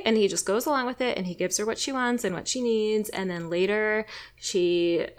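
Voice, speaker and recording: A woman's voice: medium pitch, brisk. Chatty woman podcast co-host. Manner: chatty, animated, asks many questions. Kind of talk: casual chat.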